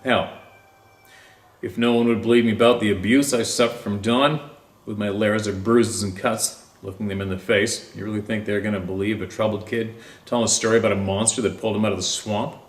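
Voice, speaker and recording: A man reading a first-person encounter story aloud in a slow, deliberate way with drawn-out pauses. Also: fairly low pitch, steady tone, roomy sound. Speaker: story narrator.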